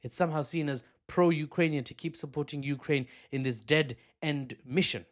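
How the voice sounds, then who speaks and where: A man's voice: a little high, moderate pace. Man giving off-the-cuff political commentary. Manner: talking off the cuff with restarts and asides, emphatic. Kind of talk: casual spoken analysis.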